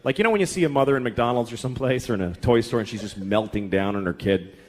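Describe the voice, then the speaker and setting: A man's voice: medium pitch, fast, darkish tone. A man doing a stand-up comedy set, telling stories in a profane, exasperated way. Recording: live club with audience laughter and noise. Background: crowd laughing.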